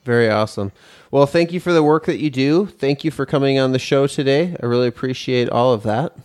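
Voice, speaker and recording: A man's voice: medium pitch, brisk, a little mellow. A man hosting an interview, giving brief upbeat acknowledgments. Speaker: host. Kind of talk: casual interview chat.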